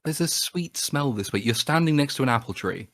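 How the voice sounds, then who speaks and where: A man's voice: mid-range voice, expressive, brisk, a bit bright. A man co-hosting a reaction commentary, speaking in a dry, mock-serious, sarcastic way.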